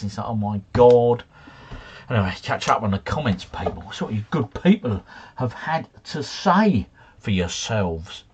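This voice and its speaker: A middle-aged man hosting a relaxed livestream from home. His voice is a little husky, and his pitch rises and falls a lot as he chats. He talks to his viewers in a loose, jokey way. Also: lo-fi sound. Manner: chatty, jokey, drifts off into tangents. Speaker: livestream host. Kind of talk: casual chat reading live comments. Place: home, drinking beer. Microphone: desk mic.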